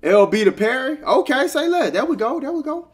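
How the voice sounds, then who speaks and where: Hyped young gamer, high and lively. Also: male voice, brisk. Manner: hyped, excitable, talks to the game characters. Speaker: gaming streamer. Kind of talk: casual let's-play commentary.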